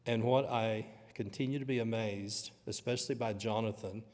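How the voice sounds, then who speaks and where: A man's voice: fairly low pitch, steady tone, moderate pace, a little mellow, long reverb tail. A man teaching a Bible lesson in church, with a conversational, storytelling manner. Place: church auditorium.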